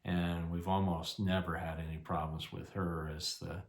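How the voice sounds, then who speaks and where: A man's voice: low-pitched, flat delivery, moderate pace, vocal fry. An older man casually telling a rambling, self-deprecating personal story, full of fillers. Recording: echoey room.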